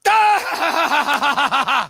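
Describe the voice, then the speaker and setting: A man's voice: very high-pitched, very animated, extremely slow, creaky, pushed and bright, dry recording. A man in a heated live-stream argument, talking back in a defiant, goading, brash way.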